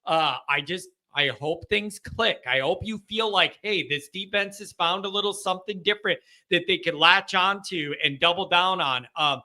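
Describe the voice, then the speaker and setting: A man's voice: high voice, moderate pace, few pauses, pushed and bright. A man hosting a call-in show, chatting casually and frankly, often saying "man".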